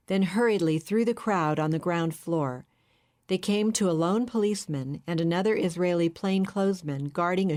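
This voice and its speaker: A woman reading a novel aloud in steady, measured scripted narration. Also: on the low side. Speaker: audiobook narrator.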